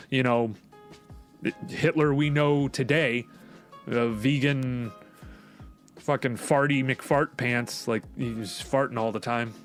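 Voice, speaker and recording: Dude on a podcast, swears a lot, rambles, laughs, faint music under it. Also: male voice, mid-range voice. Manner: profane, rambling, laughs often. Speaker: podcast co-host. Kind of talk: casual chat.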